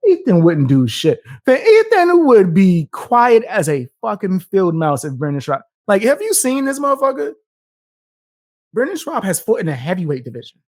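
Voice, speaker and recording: A man's voice: fairly high pitch, a little mellow, no echo, clean studio sound. A young man live streaming, reacting with a profane, combative rant and taunting his viewers between laughs.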